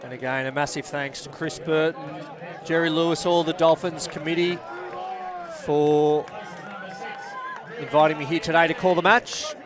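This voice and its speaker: Male rugby commentator calling play by play. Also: a little high. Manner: rapid play-by-play, bursts of excitement, chatty asides to viewers. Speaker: match commentator. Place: outdoors at a rugby ground. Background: crowd at a local rugby match.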